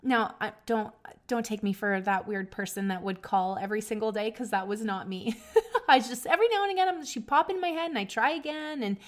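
A woman hosting a talk, telling a personal story in an earnest, emotional way. She swings between hushed, reflective moments and loud, lively bursts. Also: on the high side, brisk. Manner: earnest and emotional, with many restarts. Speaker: podcast host.

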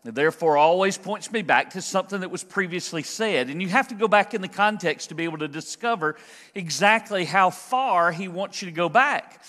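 High-voiced preacher in a reverberant hall. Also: male voice, expressive, fairly bright tone. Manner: conversational, emphatic preaching with slow stressed phrases. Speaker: pastor. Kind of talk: expository sermon. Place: church sanctuary.

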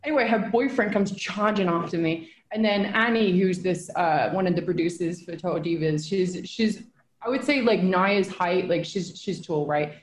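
A woman's voice: lowish voice, normal speed, reverberant, a little hiss or hum. A woman in her thirties telling a rowdy story in casual chat, with lots of swearing and filler words. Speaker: podcast co-host telling a story.

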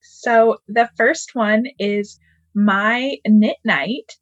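Slow friendly woman guest, dry muffled lo-fi sound. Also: on the high side, dry recording. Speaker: podcast guest. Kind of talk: casual interview chat.

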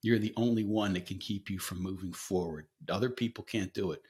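A man's voice: deep voice, a little fast, darkish tone. A man hosting a casual solo podcast, talking candidly and rambling with frequent fillers and swearing, coughing now and then. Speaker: podcast host.

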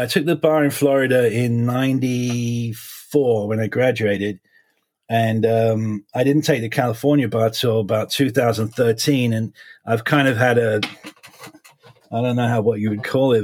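A man in his forties, a defense attorney, talking in an interview in a halting, reflective way with many restarts. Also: medium pitch, a little mellow. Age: 40s.

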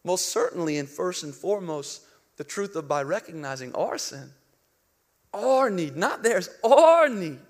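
A man in his thirties preaching a sermon as pastor, moving between hushed and emphatic delivery. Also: high-pitched, very animated, measured pace.

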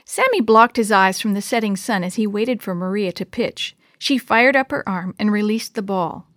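A woman reading a children's chapter book aloud in a gentle, expressive storyteller voice. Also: mid-range voice, normal speed, dry recording, studio quality.

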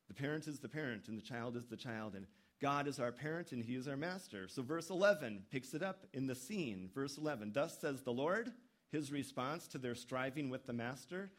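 A man preaching a sermon in a conversational way, with sudden jumps in pitch when he voices the people he quotes. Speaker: pastor.

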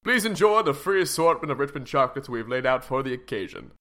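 A man's voice: mid-range voice, very animated, fast talker, sharp tone. A man voicing a pompous, melodramatic rich father in a comedy sketch.

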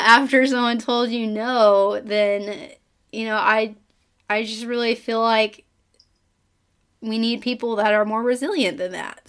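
A woman's voice: fairly high pitch, fairly bright tone, clean tone. Choked-up woman giving an earnest pep talk. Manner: earnest, pep-talk delivery with repeated calls to action; frequent fillers and restarts. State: emotional, choked up. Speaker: podcast host. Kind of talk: motivational podcast monologue.

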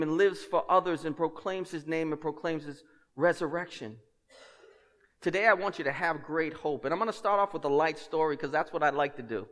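A man preaching a sermon as pastor, a lively storyteller who drops in humorous asides and swings between loud and hushed. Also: a little high, normal speed, long reverb tail.

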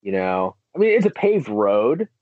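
A man chatting casually about running marathons, telling stories with lively energy and acting out the voices of people he met. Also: lowish voice, a little slow, no room sound. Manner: animated storyteller, acts out quoted voices. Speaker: marathon runner guest. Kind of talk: casual chat. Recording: tinny phone-like line.

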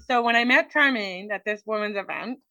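Speaking a little fast in a bright, forceful, medium-pitched voice, a woman tells a personal story as a guest in an interview. She's chatty, uses many "like"s and acts out quoted dialogue, and the audio is poor but has no echo.

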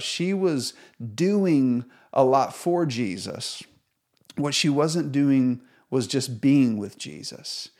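A man's voice: medium pitch, a little mellow. A male pastor from the United States preaching a sermon in an earnest, conversational way, retelling a story with animation.

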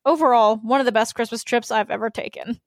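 A woman's voice: a little high, steady tone, fast, dry recording. A woman co-hosting a podcast, chatting casually and reading listener emails aloud in an easygoing, slightly hesitant way. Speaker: podcast co-host.

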